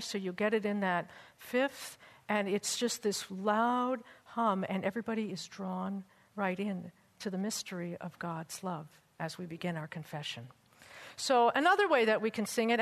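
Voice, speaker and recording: A woman teaching a class on church music and hymnals, chatty with teasing asides and breaking into chant and song for examples. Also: medium pitch. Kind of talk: hymnal lecture with sung examples. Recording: long hall reverb.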